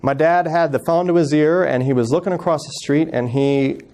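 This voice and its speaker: A man in his thirties giving an earnest personal storytelling talk as a guest speaker, acting out family members' words softly. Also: a little high, a little fast. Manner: earnest, acts out quoted family voices softly.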